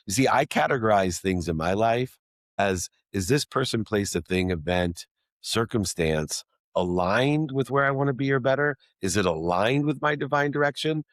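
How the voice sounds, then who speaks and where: A middle-aged man with a very low voice tells his story with emphasis, building rhythmic lists of words that start with the same sound. The recording is close and dry. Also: expressive, moderate pace, dry recording. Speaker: guest. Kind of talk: personal storytelling in an interview.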